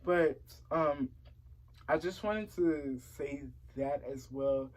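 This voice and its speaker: A woman's voice: low-pitched, takes it slowly, a little mellow, poor audio. Exasperated woman venting on a vlog. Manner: candid and exasperated, repeats words for emphasis. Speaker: vlogger. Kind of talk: casual personal vlog talk.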